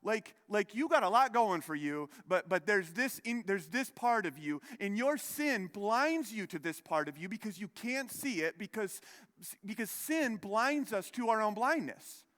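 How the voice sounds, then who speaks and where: High-voiced man preaching in a reverberant hall. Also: expressive, a little slow, a bit bright. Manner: conversational, self-deprecating storytelling with many restarts. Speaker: pastor. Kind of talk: sermon. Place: church sanctuary.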